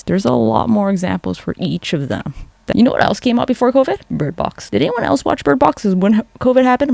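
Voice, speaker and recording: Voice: medium pitch, gravelly, a little mellow, dry recording. A vlogger in casual, rambling commentary, sarcastic and swearing constantly.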